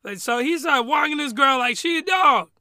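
A man's voice: very high-pitched, animated, normal speed, bright, forceful tone, dry recording, clean studio sound. A man giving a comedic review rant, rambling and exclamatory, with loose, colloquial talk. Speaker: anime reviewer.

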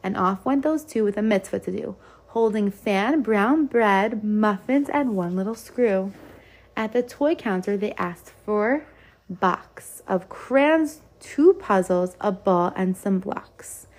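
A woman's voice: medium pitch, animated, takes it slowly, darkish tone. A woman reading a rhyming children's picture book aloud in a lilting rhythm. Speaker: storyteller.

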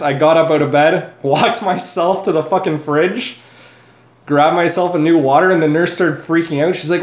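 A man's voice: a little high, normal speed. Laid-back young man telling a story, echoey room. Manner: laid-back storyteller, swears freely, laughs at own story. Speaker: podcast co-host. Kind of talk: casual chat.

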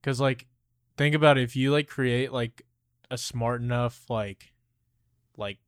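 A young man co-hosting a podcast, talking casually in halting bursts full of fillers. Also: mid-range voice, steady tone, no room sound, clean studio sound. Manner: halting, lots of "like" fillers, laughs often. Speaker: podcast co-host. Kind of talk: casual chat.

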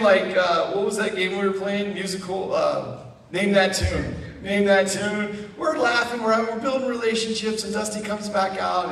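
A man speaking as a guest in a church, telling a funny mission-trip story in an animated way and often laughing as he talks. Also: high-pitched, a little hiss or hum. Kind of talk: storytelling testimony. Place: church sanctuary. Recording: echoey church hall from a distance.

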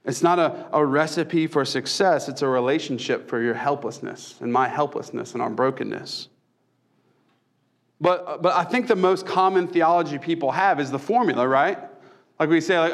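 A man's voice: fairly high pitch, normal speed. A young man, preaching a casual sermon with self-deprecating humor. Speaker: pastor.

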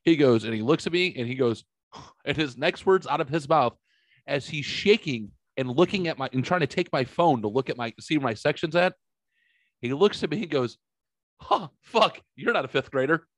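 A man's voice: fairly high pitch, moderate pace, no room sound, clean studio sound. A man in his forties, telling stories in a casual chat, acting out quotes and swearing freely. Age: 40s. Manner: animated storyteller, acts out quotes, swears freely. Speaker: podcast co-host.

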